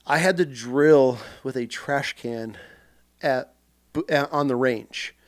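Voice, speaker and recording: A man from central Washington who served as a Marine, telling stories on a podcast in a casual, animated way and acting scenes out loudly. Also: medium pitch, takes it slowly. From central Washington, USA. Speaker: podcast guest, Marine veteran. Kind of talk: casual storytelling.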